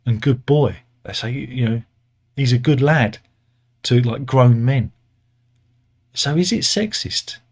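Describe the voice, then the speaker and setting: A British man with an ordinary mid-pitched voice, talking through the news in a loose, sardonic monologue. He rambles, stumbles, restarts, and fills pauses with "um" and "uh." The tone stays dry and mocking throughout. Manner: rambling, sardonic, self-correcting with many fillers. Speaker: satirical news commentator. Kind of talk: casual satirical monologue.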